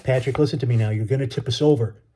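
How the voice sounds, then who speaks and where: A man voicing a kindly, gruff Marine who talks in folksy slang to calm a scared boy. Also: mid-range voice, rapid-fire, a little hiss or hum, natural voice. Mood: reassuring. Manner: folksy, reassuring, drawling slang.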